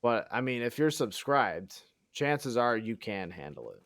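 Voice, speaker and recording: A man's voice: mid-range voice, big pitch swings, unhurried, a bit bright, no room sound. A man chatting casually while streaming a game, sarcastic and mock-boastful, swearing and thinking aloud. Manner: sarcastic mock-bragging, self-deprecating. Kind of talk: casual live-stream chat while gaming.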